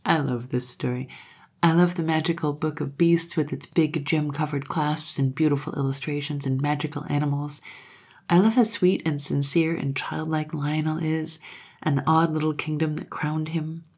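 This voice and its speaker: Low, gravelly woman reading a storybook. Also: fairly even intonation, normal speed. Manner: soft, often half-whispered. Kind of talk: reading a classic children's story aloud.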